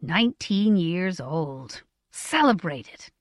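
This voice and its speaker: A woman's voice: fairly low pitch, very animated, slow, no echo. A woman voicing a hearty, blustery merchant in his mid-forties who teases his family, in a dry recording. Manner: blustery, teasing.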